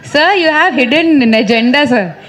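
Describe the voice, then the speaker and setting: A woman at a film press meet, telling stories in an animated, playful way, full of "like" and "you know". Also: high-pitched, moderate pace. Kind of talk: chatty anecdotal storytelling. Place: press conference.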